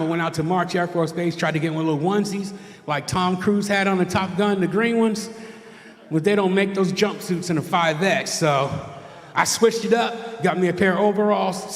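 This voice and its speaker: A middle-aged male stand-up comic with a voice high for a man performs a set on a church stage before a live audience. He's chatty, conversational, and self-mocking, tossing tag questions at the crowd, while the echoey hall adds long, heavy reverb.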